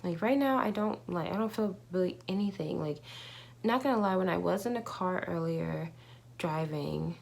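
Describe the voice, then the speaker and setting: Young woman, casual confessional vlog, rambling and candid, lowish voice. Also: normal speed, gravelly, a little mellow. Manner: rambling, candid, many fillers and restarts. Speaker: vlogger.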